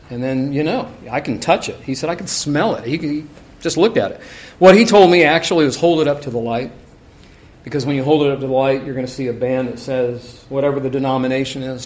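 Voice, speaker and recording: A man's voice: mid-range voice, a little mellow. A middle-aged man preaching a sermon in a conversational way, telling personal stories with frequent asides.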